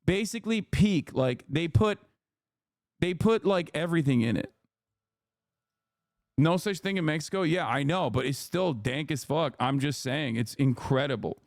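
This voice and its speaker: Streamer, male, casual and profane, animated storyteller, dry close room. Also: a little high, moderate pace, no room sound. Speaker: livestream host. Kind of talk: casual chat.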